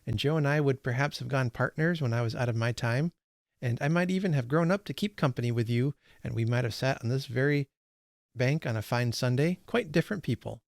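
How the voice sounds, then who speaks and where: A man's voice: mid-range voice, a little fast, vocal fry, dry recording, clean studio sound, lightly acted. A man reading aloud the lines of a discontented young man, impatient and earnest. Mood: wistful.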